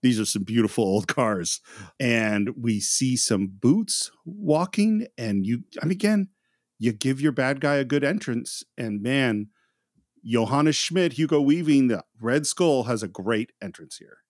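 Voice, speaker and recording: A man co-hosting a film podcast, recounting scenes in detail in a lively, casual way. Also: mid-range voice, unhurried, no room sound, studio quality. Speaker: podcast co-host.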